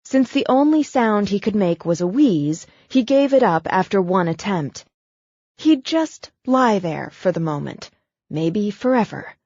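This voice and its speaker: A woman narrating a novel as an audiobook in a steady storytelling voice. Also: medium pitch, unhurried, dry recording, muffled recording. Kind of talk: scripted narration.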